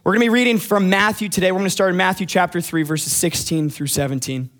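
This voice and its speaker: A man's voice: high-pitched, fast, fairly bright tone. A young man preaching a casual sermon as youth pastor, friendly and joking with the congregation.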